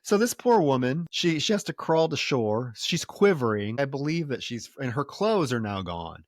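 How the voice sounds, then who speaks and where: A man's voice: mid-range voice, very animated, normal speed, no room sound, studio quality. A man co-hosting a film podcast, retelling plot scenes in casual chat. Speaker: podcast co-host.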